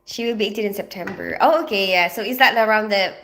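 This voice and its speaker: A woman's voice: medium pitch, fast, a bit bright, slight background noise. A woman from the Philippines, chatting casually on a livestream in a rambling way, full of fillers. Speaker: livestreaming vlogger.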